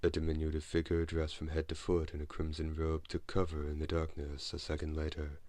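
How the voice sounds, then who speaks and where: A man reading an audiobook as narrator, in a measured, steady way. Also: rumbling low, dry recording. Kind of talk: scripted narration.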